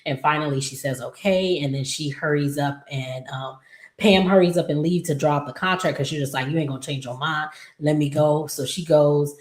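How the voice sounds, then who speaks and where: Chatty low-voiced woman recapping a soap. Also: normal speed, roomy sound. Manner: chatty, exasperated asides to characters. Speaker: soap opera recap host. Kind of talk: casual episode recap.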